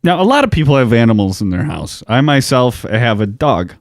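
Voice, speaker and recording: A man's voice: medium pitch, big pitch swings, a little fast, no room sound. A man co-hosting a true-crime podcast, chatting casually with joking, profane banter. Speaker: podcast co-host. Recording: dry, close podcast recording.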